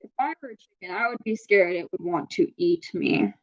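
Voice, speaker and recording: A woman's voice: lowish voice, normal speed, darkish tone, dull audio. A woman reading a picture book aloud to children, patiently asking them questions as she teaches. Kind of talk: storybook read-aloud with teaching.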